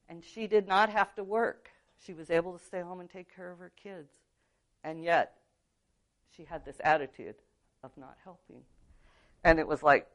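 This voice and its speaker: A middle-aged woman from California teaching biblical counseling, talking earnestly and conversationally as she shares a personal story. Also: on the low side. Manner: earnest, conversational, frequent "um" and "right?". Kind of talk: teaching talk with personal testimony.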